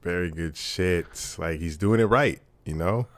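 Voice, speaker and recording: A man's voice: low-pitched, unhurried, dry recording. A man co-hosting a podcast in casual chat, swearing freely and laughing as he rambles. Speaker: podcast co-host.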